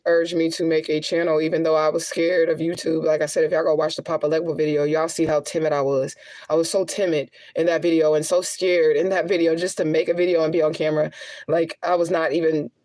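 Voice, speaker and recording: A woman's voice: sits low, darkish tone, poor audio. Profane, rambling middle-aged woman vlogging. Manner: raw, rambling and profane, venting to viewers. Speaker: YouTuber and spiritual medium. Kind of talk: emotional direct-to-camera monologue.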